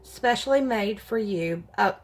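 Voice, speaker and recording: A woman speaks in an unhurried, drawn-out way, her pitch sitting in an ordinary middle range. She chats casually through a craft unboxing and gushes and exclaims over every find. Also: animated. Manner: gushing, exclaiming over each item. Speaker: craft vlogger opening mail.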